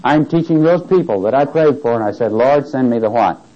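Questioning preacher on a dull recording. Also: male voice, medium pitch, lively intonation, a little fast. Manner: asks the congregation questions and waits for answers; reads scripture aloud with rising emphasis. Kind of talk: Bible teaching sermon.

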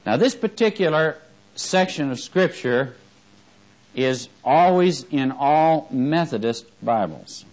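A man preaching a sermon, asking his congregation questions and moving between fervent emphasis and quiet asides. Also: on the high side, lively intonation, slow pace, poor audio.

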